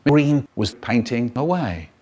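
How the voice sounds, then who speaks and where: A young man narrating an absurd, crude comic story in a deadpan way. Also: mid-range voice, slow. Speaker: comedy voiceover narrator.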